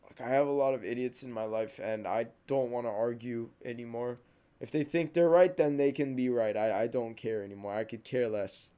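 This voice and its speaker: Young man venting in a smooth voice. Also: mid-range voice, steady tone, moderate pace, dark tone. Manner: heated, venting, repeats himself. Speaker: podcast host. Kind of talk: casual monologue.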